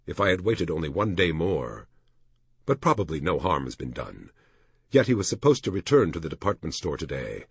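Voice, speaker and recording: A man reading as an anxious man, worried musing, deep husky voice, lively pitch. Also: normal speed, no echo, clean studio sound, exaggerated voice. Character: anxious man thinking to himself.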